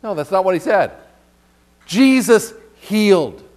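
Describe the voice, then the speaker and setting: A man's voice: sits high, lively intonation, unhurried, a little mellow. A man preaching a sermon in a conversational way, asking the congregation rhetorical questions and reading scripture aloud. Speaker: pastor.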